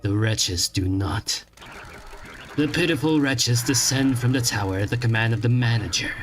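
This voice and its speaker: Slow, deadpan male streamer. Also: medium pitch. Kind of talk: reading game text aloud on a stream. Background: game music.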